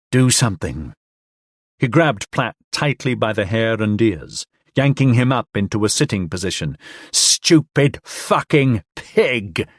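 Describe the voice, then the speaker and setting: A man's voice: lowish voice, no echo, studio quality. A man voicing a snarling, enraged young man. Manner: harsh, snarling insults.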